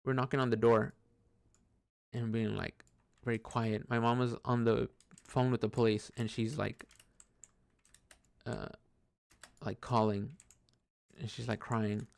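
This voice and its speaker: A man's voice: medium pitch, level tone, a little slow, gravelly, pauses often. A man telling a personal story in a rambling, casual way, swearing often and restarting sentences while he plays a computer game. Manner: rambling, profane, many fillers and restarts.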